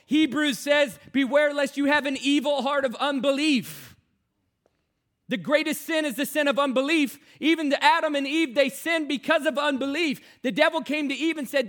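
High-voiced man preaching a sermon. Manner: swings from hushed storytelling to loud exhortation.

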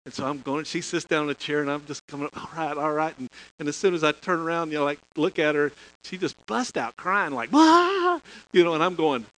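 Man, middle-aged pastor, folksy sermon storyteller, slightly high, bright tone, faint background noise. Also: fast, few pauses, poor audio. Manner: folksy, chuckling, restarts phrases.

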